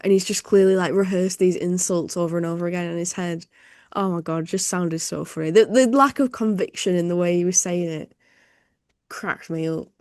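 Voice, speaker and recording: A woman's voice: lowish voice, fairly even intonation, moderate pace, darkish tone, no room sound, studio quality. Woman, sarcastic laughing co-host. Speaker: podcast co-host. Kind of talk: casual chat.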